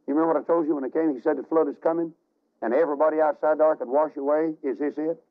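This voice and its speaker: A preacher voicing a frightened, accusing grown son. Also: male voice, fairly high pitch, fairly even intonation, very fast, natural voice. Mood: fearful. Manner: pleading, reproachful. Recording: tinny archival radio broadcast.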